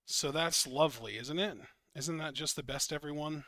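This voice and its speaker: A man's voice: fairly high pitch, moderate pace, sharp tone, dry recording, studio quality. A man hosting a casual podcast stream from his computer, talking frankly and swearing freely. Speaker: podcast host running the stream. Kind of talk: casual chat. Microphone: computer mic on a call.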